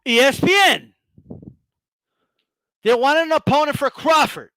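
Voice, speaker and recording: A man hosting a live stream, ranting bluntly and sarcastically, swearing and rising to shouts. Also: very high-pitched, a little slow, no echo. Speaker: boxing commentator and channel host.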